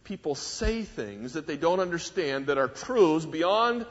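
A man preaching a sermon, measured and emphatic, leaning hard on key words with wide rises and drops in pitch and volume. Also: expressive, a bit bright. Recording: dull lo-fi recording with long hall reverb.

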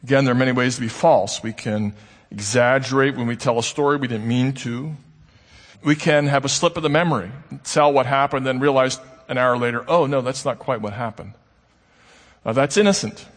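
A man preaching a sermon in a conversational way, posing rhetorical questions to his congregation. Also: medium pitch. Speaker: pastor. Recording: long hall reverb.

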